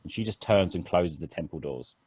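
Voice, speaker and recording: A man with a low voice narrates as game master over an online session, rambling with lots of ums and false starts. The sound is dry and close to the mic. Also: animated, a little fast, a little mellow, breathy edge, no room sound. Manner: rambling, many fillers and restarts.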